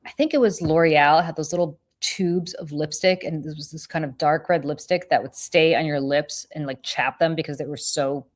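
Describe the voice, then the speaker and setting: A woman in her fifties hosting a podcast, chatting casually and animatedly over a video call, full of quick asides. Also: sits low, steady tone. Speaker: podcast host. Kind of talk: casual chat.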